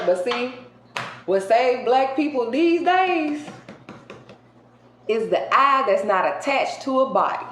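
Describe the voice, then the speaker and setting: A woman doing a casual tarot card reading for her viewers. She talks colloquially and emphatically, jumping between loud outbursts and hushed asides. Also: a little high, big pitch swings, takes it slowly. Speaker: tarot reader. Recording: roomy echo with faint background hiss.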